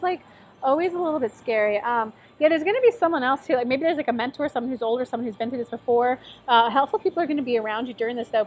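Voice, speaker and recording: A woman giving a casual tarot reading in a chatty, encouraging way, with lots of "like" and "um". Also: fairly high pitch. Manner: chatty, encouraging, many fillers. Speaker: tarot reader. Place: lives in Tennessee.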